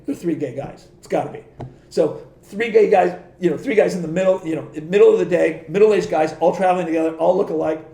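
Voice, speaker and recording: Middle-aged man, podcast guest, rambling storyteller, acts out quotes, dark mellow voice, echoey room. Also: on the high side, creaky. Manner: rambling anecdotes, acts out quoted dialogue, frequent restarts, swears. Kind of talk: casual interview storytelling.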